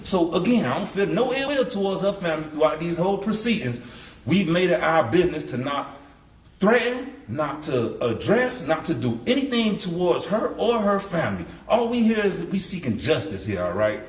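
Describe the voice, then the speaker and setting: A man's voice: a little high, sing-song, normal speed, far from the mic. Grieving father addressing a courtroom. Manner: emotional, blunt, colloquial. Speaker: victim's father giving an impact statement. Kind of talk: courtroom victim impact statement. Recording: roomy courtroom, mic from afar, faint hiss.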